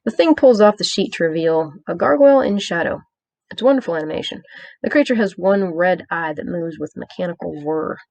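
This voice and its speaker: A woman with a fairly low voice reads her own episode review aloud. She moves through the plot summary with wry, sarcastic asides and small stumbles. The sound is close and dry. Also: a little fast, vocal fry, darkish tone, no room sound. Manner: reads from a script with small hesitations. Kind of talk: read-aloud review with commentary.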